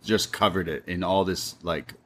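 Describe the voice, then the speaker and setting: Low-voiced young guy on a podcast, animated, swears a lot, laughs. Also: moderate pace. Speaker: podcast co-host. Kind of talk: casual chat.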